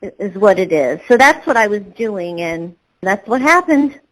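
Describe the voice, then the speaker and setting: A woman's voice: medium pitch, very animated, normal speed, low-quality recording. A woman, a voice actor, answering interview questions in a rambling way with many fillers and restarts. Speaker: voice actor guest.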